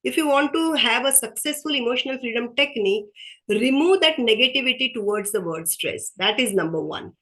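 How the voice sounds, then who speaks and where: A woman's voice: fairly high pitch, animated, brisk, a bit bright, poor audio. A woman giving an earnest motivational workshop talk over a video call, repeating her key phrases. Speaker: webinar speaker.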